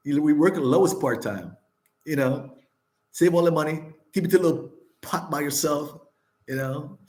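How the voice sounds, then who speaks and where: A man's voice: a little high, moderate pace, darkish tone. An older man hosting a casual chat, talking candidly, laughing often, swearing and repeating himself. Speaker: vlog host.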